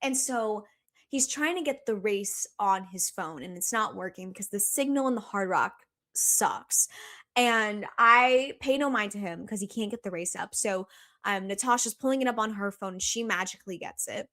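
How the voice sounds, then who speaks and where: A woman's voice: medium pitch, normal speed, pushed and bright. A young woman telling a story in casual chat as a podcast guest, chatty and profane, full of "like" and "okay".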